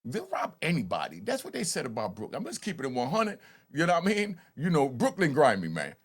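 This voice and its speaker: A man in his fifties from Harlem with a New York accent, hosting and telling stories in a loose, animated way, often stammering on restarts. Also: fairly high pitch, fast talker, breathy edge. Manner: animated, repeats "you know what I mean", stammers on restarts. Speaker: host. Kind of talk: casual storytelling commentary.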